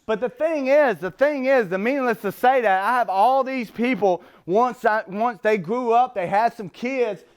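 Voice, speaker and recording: A man's voice: extremely high pitch, moderate pace, hardly any pauses, clean tone. A man telling his recovery story in a rambling, casual way, full of street slang. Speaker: recovery speaker. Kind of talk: personal recovery talk.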